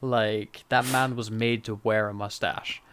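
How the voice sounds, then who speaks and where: A man co-hosts a podcast, recapping a TV episode in a chatty way with frequent laughs and lots of fillers. His voice sits on the low side, fairly bright, with fairly even intonation and a measured pace, plus a little hiss or hum.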